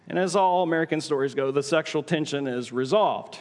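A man with a high, bright-toned voice preaches to his congregation, slowing for hushed dramatic pauses and lifting for playful asides. His words ring out into a large church room with a long trailing reverb. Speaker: pastor. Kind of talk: sermon. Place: church auditorium.

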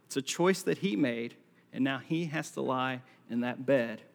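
A man's voice: medium pitch, measured pace, vocal fry. A man preaching a sermon to a congregation, telling the story with acted-out lines and jokey asides. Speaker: pastor. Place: large hall with a live congregation. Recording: long hall reverb.

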